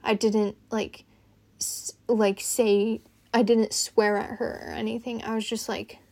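A young woman hosting her own podcast, rambling casually and haltingly, with lots of "like" fillers. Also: a little high, level tone, darkish tone. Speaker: podcast host.

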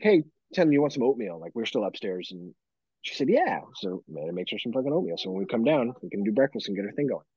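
A man co-hosting a podcast in casual chat, swearing freely and telling animated stories about his kids. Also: fairly low pitch, slightly rough, no room sound, lo-fi sound. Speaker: podcast co-host.

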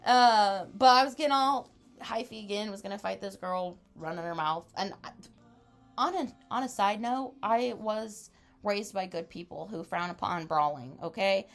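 With a medium-pitched voice at normal speed, a podcast co-host in her twenties chats casually about a wild story. She laughs frequently and brings the quotes to life in an animated way.

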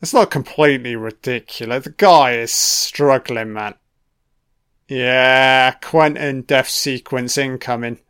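A man's voice: mid-range voice, takes it slowly, a bit bright, clear, resonant tone. A man giving casual audio commentary on a film, with profane, sardonic running reactions.

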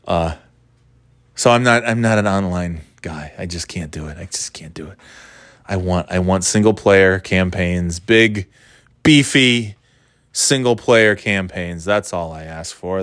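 A man casually rambling about video games as a dad, cussing freely and breaking into loud mock quotes. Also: on the low side, dry recording.

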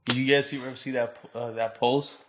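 A man's voice: mid-range voice, flat delivery, brisk, a crowd in the background. A man in a casual podcast chat, chiming in with short remarks.

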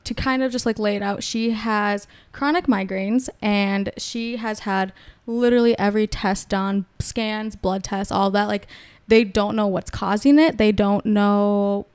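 A woman's voice: mid-range voice, fairly even intonation, a little slow, a little mellow, smooth. A woman chatting casually as a podcast guest, telling stories and laughing often. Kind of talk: casual chat.

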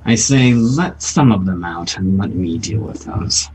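A fairly low male voice with a lively, varied pitch, chatting casually as a tabletop player. A faint hiss sits behind him. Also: unhurried, low-quality recording. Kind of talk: casual game chat.

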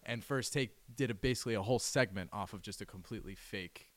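A man's voice: lowish voice, quick pace, no room sound. A man co-hosting a podcast, chatting casually about sports in a laid-back, agreeable way. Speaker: podcast co-host.

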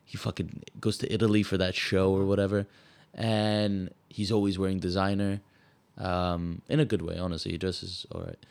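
A man's voice: deep voice, flat delivery, normal speed, vocal fry, darkish tone. A young man from Malta, co-hosting a podcast in casual chat, heated and ranting and swearing often. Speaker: podcast co-host.

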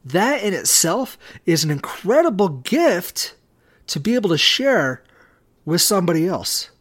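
Slow, measured man giving a devotional talk. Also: high voice, sing-song, fairly bright tone. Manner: slow, measured delivery with long pauses. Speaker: podcast host.

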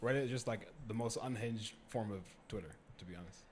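A man's voice: fairly low pitch, a little fast. A young man, a podcast guest, chatting casually and jokingly, sometimes acting out outraged lines. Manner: animated, jokey, playfully acts out outraged lines. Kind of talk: casual chat. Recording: faint background noise.

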